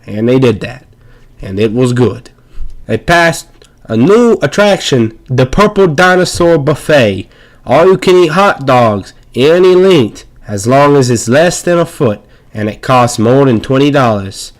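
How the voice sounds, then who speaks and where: A man's voice: medium pitch, animated, measured pace. Sarcastic man narrating gameplay. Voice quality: sarcastic, rambling, mock-hyped. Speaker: video narrator. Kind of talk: joking voice-over narration of gameplay.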